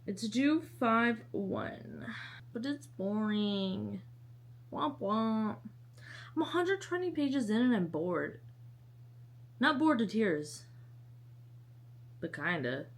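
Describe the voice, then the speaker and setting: A woman's voice: medium pitch, very animated, slow, pauses often. A young woman chatting casually to camera as a book vlogger, rambling and joking at her own expense. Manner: chatty, self-mocking, rambling asides.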